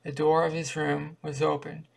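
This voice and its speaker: Gravelly-voiced man reading a story. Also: fairly high pitch. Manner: flat, measured reading with occasional restarts. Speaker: audiobook reader. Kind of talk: reading a short story aloud.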